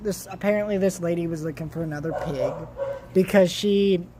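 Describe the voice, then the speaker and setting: This is a young vlogger spinning a rambling tale about home, restarting repeatedly and animatedly shifting between loud bursts and hushed asides. The mid-range voice moves briskly, and crowd noise sits in the background.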